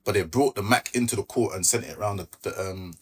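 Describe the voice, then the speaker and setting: This Brixton Londoner talks fast in a fairly low, slightly bright voice with a breathy edge. He's a podcast guest recounting events casually in street slang, relaying the exchanges as quoted dialogue.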